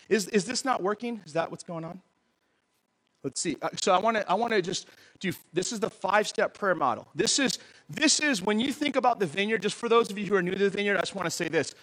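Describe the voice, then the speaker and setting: A male pastor delivering a sermon in a high, very bright voice. His pitch swings widely as he jokes and quizzes the congregation. The delivery is animated and conversational. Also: fast talker, low-quality recording. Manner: animated, joking, asks the audience questions.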